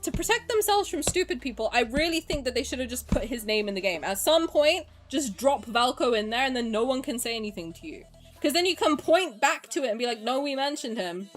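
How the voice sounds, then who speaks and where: A woman's voice: high voice, lively intonation, fairly quick, faint music behind. Ranting English woman streamer, swearing. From England. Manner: frank, swearing, emotional, ranting. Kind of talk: casual livestream chat.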